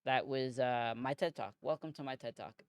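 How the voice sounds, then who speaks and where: A man in his late twenties rambles through a solo podcast monologue, swearing freely and tossing in "bro" at every turn. His voice sits at a middle pitch. The sound is dry and close, with no room around it. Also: normal speed, smooth, no room sound. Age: 20s. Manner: rambling, profane, animated, says "bro" a lot. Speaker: podcast host.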